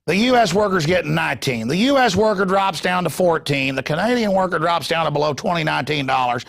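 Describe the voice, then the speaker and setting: A man's voice: a little high, animated, fast, creaky, fairly bright tone. A man doing an impression of an exasperated older businessman-politician who lectures insistently. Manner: insistent, lecturing, repeating a name.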